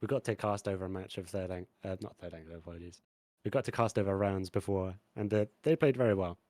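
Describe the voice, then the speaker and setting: Easygoing esports co-caster. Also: male voice, low voice, steady tone, fast, a little mellow, no room sound. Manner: easygoing, hesitant, filler-heavy. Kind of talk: live esports commentary.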